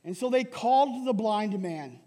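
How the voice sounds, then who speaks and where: A male pastor preaching a sermon in a lively way, often asking "right?" and laughing. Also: high-pitched, a little slow, long reverb tail. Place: church hall.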